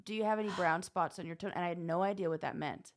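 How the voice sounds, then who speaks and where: A woman co-hosting a podcast in casual chat, expressive and quick to exclaim. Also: on the low side. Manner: expressive, exclaims and reacts openly. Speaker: podcast co-host.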